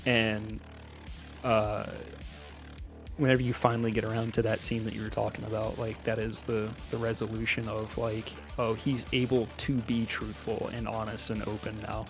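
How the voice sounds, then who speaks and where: Male podcast co-host, very flat intonation, analytical casual chat, faint music underneath. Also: fairly low pitch, moderate pace. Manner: analytical, many "like" fillers. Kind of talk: casual film discussion.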